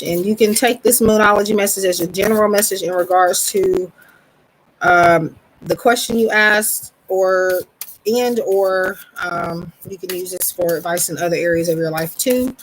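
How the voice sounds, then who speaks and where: A woman's voice: on the low side, normal speed, a little hiss or hum, poor audio. Rambling woman giving a live tarot reading. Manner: relaxed, rambling, frequent ums; greets viewers mid-reading. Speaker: tarot reader.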